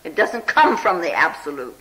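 A meditation teacher's talk with a bright, keen tone and a voice that swoops freely up and down. The delivery is unhurried and chatty, full of "you know" and little questioning "huh?" prompts to the listeners. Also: medium pitch, very animated, rough recording. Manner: often checks in with listeners with "hmm?" and "huh?". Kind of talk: spiritual talk telling a Zen story.

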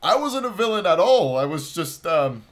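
A man reacting to an animation on his channel, excitable and gushing, with loud outbursts. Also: high voice, moderate pace. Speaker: video reactor.

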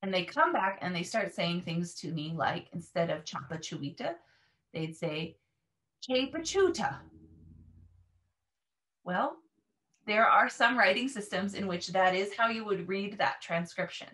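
A woman's voice: lowish voice, moderate pace, a bit bright. A woman language teacher explaining her classroom method in an earnest, emphatic way. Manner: earnest, emphatic, models repeated words.

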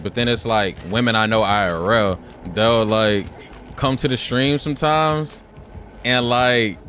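This game streamer is a man whose fairly low voice has a slightly bright edge, with a little background noise. He gives casual commentary full of loose, foul-mouthed stories, addressing everyone as "bro."

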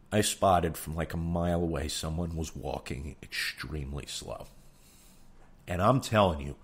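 A man's voice: a bass voice, husky. A young man, hosting a podcast with a rambling, swearing, self-deprecating comedic rant. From New York. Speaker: podcast host.

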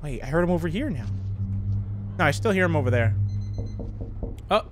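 A man's voice: fairly high pitch, very animated, moderate pace, noisy background. A young man commenting on a horror game as he plays, jumpy and joking, laughing often. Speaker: gaming youtuber.

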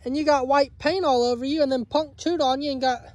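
A man's voice: very high voice, fairly even intonation, fairly quick, a little mellow, dry recording. A man filming at his homestead, talking to his dogs in a playful, coaxing baby-talk voice. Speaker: homestead vlogger. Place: outdoors at a homestead dog pen.

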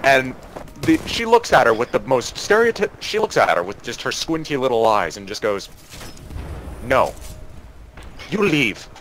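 Young man spinning an animated story. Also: medium pitch, a little fast, slight background noise. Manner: animated, acts out quoted voices. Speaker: storyteller among gaming friends. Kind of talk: casual storytelling over voice chat.

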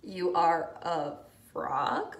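A woman voicing a curious, easily alarmed young male elephant in a children's storybook reading, asking slow, wondering questions. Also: lowish voice, animated, creaky, voice pushed down, full character voice. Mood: astonished. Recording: echoey room, distant mic.

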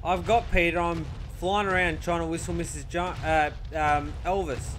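A man's voice: a little high, steady tone, moderate pace, fairly bright tone, a little hiss or hum. A man playing a co-op game, defensive and pleading with his teammate. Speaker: gamer. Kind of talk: casual co-op gaming chat.

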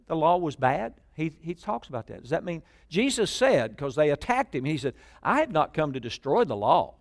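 Lively preacher, shouting and dropping low. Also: male voice, moderate pace. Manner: preaching with sudden shouts and quiet asides, asks the congregation to repeat phrases. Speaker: pastor. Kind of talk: sermon. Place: church.

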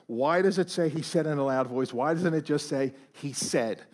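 High-voiced man preaching a lively sermon. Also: normal speed. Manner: animated preaching, swinging from hushed to loud. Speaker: pastor. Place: church auditorium.

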